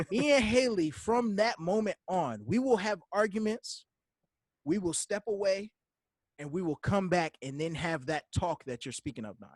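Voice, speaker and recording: Lively high-voiced man telling stories. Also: measured pace, no echo. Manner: animated storytelling, acts out quoted dialogue; laughing, joking with cohosts. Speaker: podcast co-host. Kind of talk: casual podcast chat.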